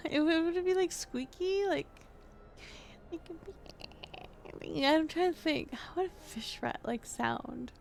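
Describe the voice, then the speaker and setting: Brief: female streamer, tired, chatty and meandering, mid-high voice. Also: moderate pace, creaky, slight background noise. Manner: rambling, thinking aloud with many restarts. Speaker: livestreamer. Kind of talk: casual stream chat.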